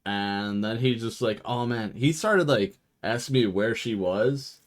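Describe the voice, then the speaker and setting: A man's voice: lowish voice, measured pace. A young man on a game stream, telling a long, swearing-laced story and mimicking the people in it. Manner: swears freely, animated storytelling with voiced quotes. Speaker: let's play streamer. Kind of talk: casual chat.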